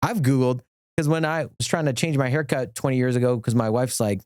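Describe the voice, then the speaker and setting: A middle-aged man, an attorney, chatting as a podcast guest, enthusiastic and rambling with quick restarts. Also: mid-range voice, fairly even intonation, darkish tone, clean tone, no echo, studio quality. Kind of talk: casual podcast conversation.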